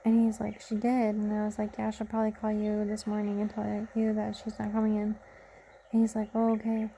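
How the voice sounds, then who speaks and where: Tired, gravelly young woman rambling. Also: medium pitch, monotone, fairly quick, mellow, a little hiss or hum. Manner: rambling, self-interrupting, chatty. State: tired from staying up late. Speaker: vlogger. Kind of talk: casual late-night vlog.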